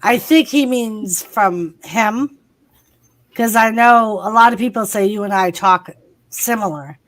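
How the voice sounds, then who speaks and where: A woman's voice: medium pitch, a little slow, fairly bright tone. A woman with a Massachusetts accent, hosting a casual livestream chat, talking freely and swearing often. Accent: Massachusetts, Lowell. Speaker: host.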